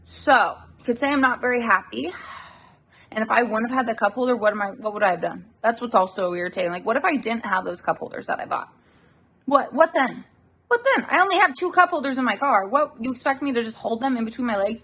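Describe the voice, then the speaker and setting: Gravelly-voiced woman ranting to camera. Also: on the high side, lively intonation, fast talker, hardly any pauses, a bit bright. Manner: irritated, ranting, swears casually. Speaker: delivery-driver vlogger. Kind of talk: casual chat to camera. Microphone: handheld phone camera.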